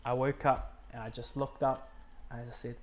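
A man's voice: mid-range voice, little pitch movement, normal speed. A man, earnestly telling a personal faith story in conversation and acting out the words people said. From New Zealand. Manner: earnest, acts out his own and others' quoted words, many fillers. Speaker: guest sharing a faith testimony.

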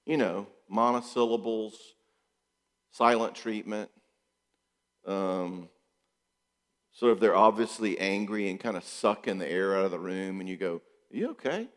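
A man's voice: low-pitched, unhurried, pauses often, in a large hall. A middle-aged man, a psychologist, talking casually about relationships, firing off rhetorical questions and repeating points for emphasis. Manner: animated, acts out quotes in voices, rhetorical questions, repeats for emphasis.

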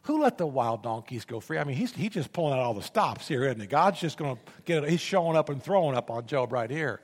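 A man preaching a sermon as a pastor, speaking dramatically and rising to loud bursts when he reads scripture. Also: medium pitch, sing-song, fast, in a large hall.

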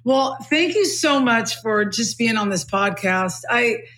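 A middle-aged woman from California hosting a podcast, with a low textured voice. She thinks aloud in casual chat, full of fillers. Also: expressive, unhurried, noisy background. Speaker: podcast host.

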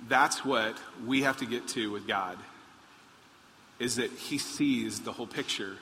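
Guy preaching a sermon, bright forceful voice, lots of hall reverb. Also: mid-range voice, unhurried. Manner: animated, acts out quoted pleas in a raised voice. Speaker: pastor. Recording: long hall reverb, faint noise.

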